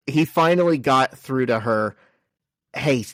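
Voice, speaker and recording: Man, podcast co-host, jokey recapper, mid-pitched voice, close dry mic. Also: measured pace, fairly bright tone, no echo. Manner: joking, summarizes plot and reads out dialogue. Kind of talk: casual comic book discussion.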